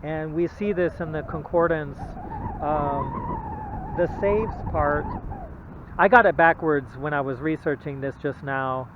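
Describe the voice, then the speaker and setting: A man with a fairly high voice teaches about the Bible in a halting, repetitive way, stopping to ask "okay?". The sound is thin and phone-like, with a faint hum of traffic behind him. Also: wildly swooping pitch. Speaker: religious video presenter. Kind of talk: informal Bible teaching monologue. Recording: tinny phone-like audio.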